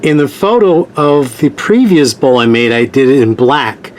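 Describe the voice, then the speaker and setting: A man's voice: mid-range voice, animated, normal speed, darkish tone. A man hosting a sewing tutorial, giving patient step-by-step instructions and repeating key points.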